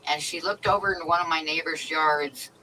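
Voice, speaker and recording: A woman's voice: low voice, fairly even intonation, fairly quick, bright, forceful tone. A middle-aged woman hosting a livestream, telling a story in casual chat and laughing often. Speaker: livestream host. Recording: slightly distant mic with faint noise.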